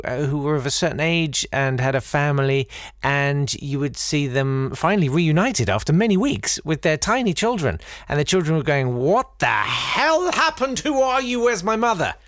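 Lively man reading a story. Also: fairly high pitch, normal speed, no room sound, studio quality. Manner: digressive, theatrical reading with wry asides. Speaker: podcast host. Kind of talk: reading a listener's story aloud with chatty asides.

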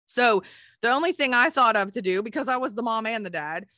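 Bright, dry-voiced middle-aged woman. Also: on the high side, animated, brisk, no room sound. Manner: emotional, rambling, frequent restarts. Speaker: guest, nurse. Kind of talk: candid personal storytelling.

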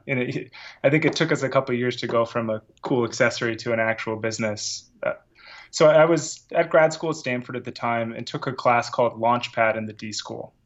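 A man's voice: medium pitch, fairly bright tone, lo-fi sound. A man being interviewed as a founder on a podcast, casual, with frequent fillers and restarts. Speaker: guest, company founder.

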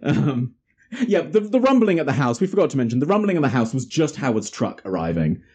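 Man, podcast host, casual film recap, husky, very lively pitch, laughs often. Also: a little fast.

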